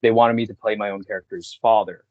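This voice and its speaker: A man's voice: fairly low pitch, steady tone, fast, no room sound, highs cut off. A young man, a voice actor, chatting casually as a podcast guest, laid-back and often laughing. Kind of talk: casual chat.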